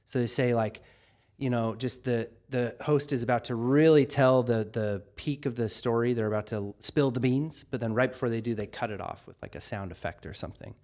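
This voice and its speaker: A man hosting a casual livestream, answering viewer questions and thinking aloud with frequent pauses. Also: mid-range voice, a little mellow. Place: studio in North Carolina.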